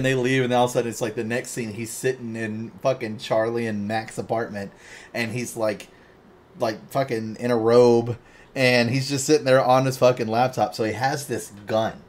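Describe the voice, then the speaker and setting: Man, podcast host, casual chat, rambling, profane, mid-pitched voice. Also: a little hiss or hum. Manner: rambling storyteller, swears constantly.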